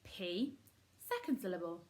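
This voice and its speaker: A woman's voice: fairly low pitch, big pitch swings, unhurried, a little mellow. A woman teaching a phonics lesson to young children, upbeat and encouraging, sounding words out syllable by syllable. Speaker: primary school teacher.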